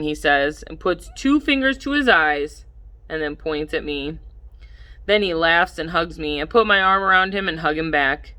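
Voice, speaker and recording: A woman narrating a first-person audiobook at a measured pace, her voice slightly low yet very bright and forward. She lifts her delivery whenever the characters speak. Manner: measured, lively in dialogue.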